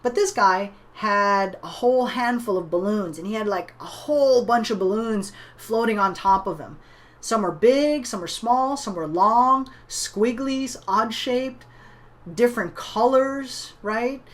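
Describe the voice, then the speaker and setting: Speaking at a measured pace in a higher voice, a woman who trains people in online business relates a motivational story. Her style is chatty, full of "right?" and "you know" at the ends of lines.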